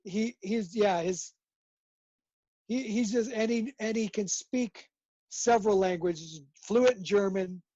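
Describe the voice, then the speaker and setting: A man's voice: sits high, mellow, no room sound, highs cut off. A man chatting as a guest on a video call, rambling and restarting his sentences often. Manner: rambling, halting with many restarts. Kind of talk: casual video call chat.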